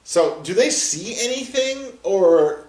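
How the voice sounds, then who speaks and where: A man guesting on a casual film commentary, laid-back and quick to laugh. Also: high-pitched, expressive, darkish tone. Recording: roomy echo, distant mic.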